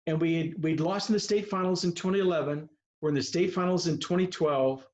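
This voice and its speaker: A man's voice: on the high side, fairly even intonation, a little fast, darkish tone. A man in his seventies, a veteran baseball coach, telling heartfelt stories on a video call in an earnest, rambling way. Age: 70s or older. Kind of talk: personal storytelling on a video call. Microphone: video call microphone. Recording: muffled video call audio.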